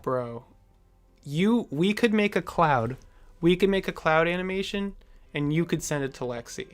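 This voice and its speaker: A man's voice: on the high side, expressive, unhurried, faint music behind. A man hosting a live stream, chatting casually with viewers and answering their comments in a rambling, jokey way full of fillers and chuckles.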